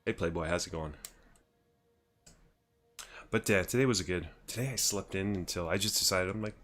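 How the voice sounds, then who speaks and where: Brief: low male streamer, 30s, loose chatty storyteller at a desk mic. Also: animated, brisk, long pauses. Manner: rambling, laughing, with many restarts. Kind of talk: casual storytelling on a gaming livestream.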